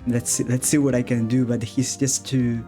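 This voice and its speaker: A man's voice: medium pitch, level tone, normal speed, mellow, faint music behind. A man chatting casually while streaming a game, laughing often and restarting his sentences.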